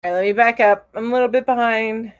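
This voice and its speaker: A middle-aged woman hosts a casual live stream, reading viewer comments aloud in a bubbly, giggly way and cooing at her cat. Her voice is fairly high and steady, her pace quick, and her tone clean. The recording is dry and lo-fi.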